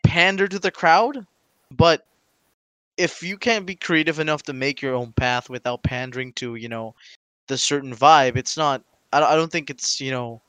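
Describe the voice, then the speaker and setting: A man's voice: on the high side, moderate pace, a bit bright, smooth, no room sound. A man hosting a casual podcast with a Floridian accent, chatty and joking, swearing freely. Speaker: podcast host.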